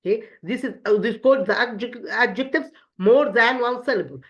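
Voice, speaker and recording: A woman, an Arabic speaker, teaching an English lesson in a halting way, repeating words and asking questions that she answers herself. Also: on the high side, expressive, dull audio. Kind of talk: recorded classroom lesson.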